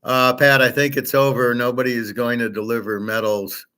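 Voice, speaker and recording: A man's voice: mid-range voice, flat delivery, moderate pace, bright, forceful tone. A man hosting his own show, talking casually in a rambling, opinionated and blunt way, sometimes swearing. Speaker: host. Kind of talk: casual unscripted monologue.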